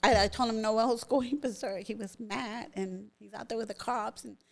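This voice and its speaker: A woman's voice: a little high, fairly even intonation, moderate pace, vocal fry. A middle-aged woman, a podcast guest, recounting a personal story vividly and emotionally. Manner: vivid, emotional retelling that acts out others' words.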